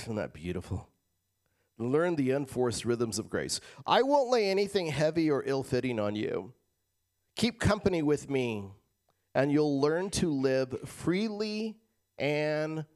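A pastor man delivering a sermon in a mid-range voice. He talks to the congregation like friends, pushing some lines hard and dropping others almost to a murmur. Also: medium pitch. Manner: animated, swings from loud emphasis to quiet asides; casual, addresses crowd as guys.

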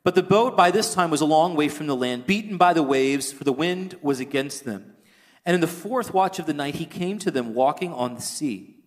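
A pastor preaches with earnest conviction, his voice pitched high for a man. At moments he pushes almost to a shout. A long reverberant tail hangs behind every phrase, like a church sanctuary. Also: animated, normal speed. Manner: earnest preaching, rising to near-shouting at points. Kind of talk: sermon.

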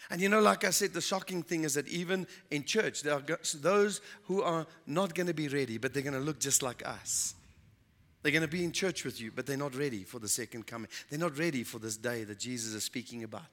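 A man's voice: fairly high pitch, fairly quick, a bit bright. A man preaching a sermon in an earnest storytelling manner, repeating points for emphasis.

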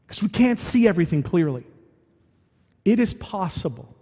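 A man's voice: high voice, mellow. A man preaching a sermon in a conversational way, often asking the audience questions. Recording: long hall reverb.

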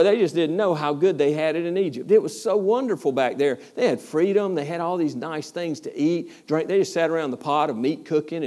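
A man teaching a verse-by-verse Bible study as a pastor, preaching with energy, acting out voices and questioning his listeners. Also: a little high. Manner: animated preaching, acts out complaining voices, asks the listeners questions.

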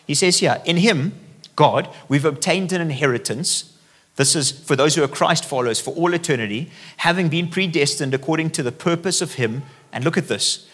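Man, middle-aged, pastor, sermon, conversational, slightly high pitch. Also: a bit bright. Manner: conversational preaching, reading scripture aloud with asides.

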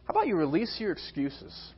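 A man preaching a sermon as pastor of a church, swinging from soft, quiet lines to emphatic, raised ones. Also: high voice, wildly swooping pitch, fairly quick, husky, dull audio. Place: church sanctuary.

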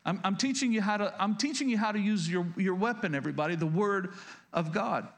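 A man's voice: high voice, fairly quick. A male pastor preaching a sermon, often repeating and restarting words and asking the congregation questions directly. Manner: repetitive, stammering restarts, addresses congregation directly.

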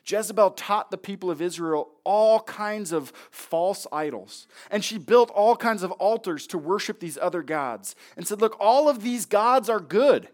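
Male pastor, higher voice, casual storytelling sermon, plays out the characters' lines. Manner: conversational preaching, acts out voices of people in the story.

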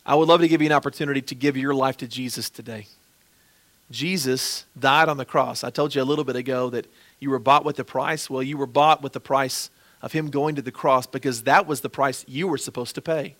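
A man preaching as a pastor, earnestly and gently pleading as he leads a closing prayer. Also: mid-range voice, fairly even intonation, fairly quick.

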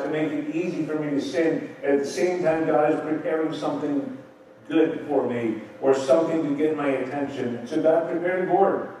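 A man's voice: fairly high pitch, mellow, a little hiss or hum. A man preaching a Bible-teaching sermon and putting questions to his congregation. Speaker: pastor. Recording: roomy echo, distant mic.

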